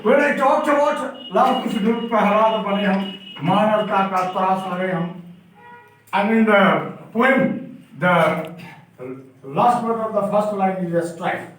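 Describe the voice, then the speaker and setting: A man's voice: high voice, slow pace, a bit bright. Emphatic Indian man lecturing in an echoey hall. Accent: Indian English. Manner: emphatic, asks the room questions. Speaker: workshop trainer for teachers. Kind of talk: lecturing a workshop. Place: classroom or hall. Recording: very echoey room, distant mic, faint noise.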